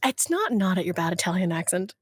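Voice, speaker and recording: A woman's voice: lowish voice, very animated, a little fast, husky, no room sound, clean studio sound. A woman playing a tabletop role-playing game, coolly in character with a playful edge. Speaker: player.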